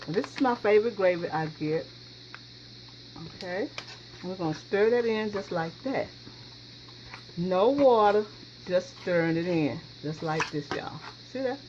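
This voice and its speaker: A folksy woman cooks and talks her viewers through each step, calling out to them as y'all. The recording is dull and lo-fi, with a steady hiss of background noise. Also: fairly low pitch, measured pace, pauses often. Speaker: home cooking host. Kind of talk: casual cooking demonstration.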